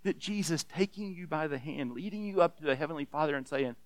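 A man preaching a sermon as pastor, earnest and emphatic, often restarting with repeated words and dropping to a hush on key points. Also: a little high, animated, quick pace, few pauses, no room sound. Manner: earnest, repeats words when restarting, swings between loud emphasis and hushed softness.

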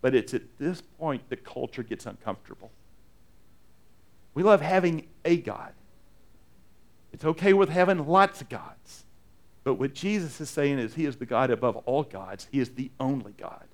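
A man's voice: mid-range voice, animated, normal speed. A man preaching a sermon in a conversational style, repeating phrases and acting out the people he quotes. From United States. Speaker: pastor.

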